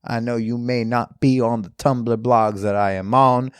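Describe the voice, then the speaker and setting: A man improvising a pompous, speechifying Southern male public defender in a high, declamatory courtroom voice. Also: little pitch movement, measured pace, smooth, dry recording, lightly acted. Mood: grandstanding. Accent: put-on American Southern. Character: grandstanding Southern male lawyer, pompous orator. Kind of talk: improvised comedy bit.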